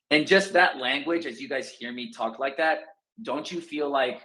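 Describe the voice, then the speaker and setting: Animated man coaching real estate students. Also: mid-range voice, rough recording. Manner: animated, acts out phone calls in quick asides. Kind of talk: casual teaching talk to students.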